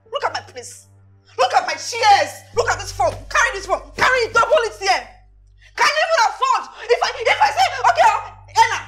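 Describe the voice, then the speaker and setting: Nigerian show-off girl yelling and mocking, super high bright voice, lots of swing. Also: heavily acted. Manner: shouting, mocking, laughing scornfully. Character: loud boastful young woman mocking her broke friend. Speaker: actress. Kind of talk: Nollywood film acting.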